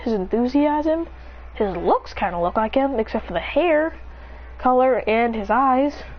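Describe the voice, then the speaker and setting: A woman narrating an improvised story in a rambling, breathless way, jumping up in pitch to voice the characters. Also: expressive, measured pace, highs cut off, a little hiss or hum.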